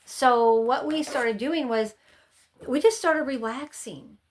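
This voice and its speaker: Chatty middle-aged woman, fairly high voice. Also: slow, a little hiss or hum. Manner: chatty and rambling, often acts out her own past panics. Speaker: homeschooling mom giving advice. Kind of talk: casual advice chat to camera.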